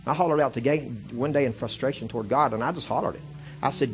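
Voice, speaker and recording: A little hiss or hum runs under this recording of a man preaching as pastor. His mid-range voice moves fast as he tells stories conversationally, repeating "see" and restarting, before building to fervent preaching.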